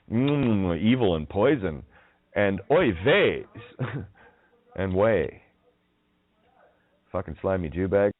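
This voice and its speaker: A man with a low voice that swoops up and down, delivering a profane, mocking monologue. He chuckles and drags words out in sing-song wordplay. His voice comes through dry and tinny, as if over a phone line. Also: dry recording. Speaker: radio show host.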